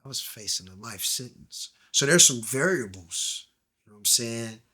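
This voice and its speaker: In a candid storytelling interview, a male guest tells his story in slang, performing the voices in quoted dialogue and dropping nearly to a whisper at tense moments. His mid-range voice is animated and husky, with a sharp tone and a normal speaking speed.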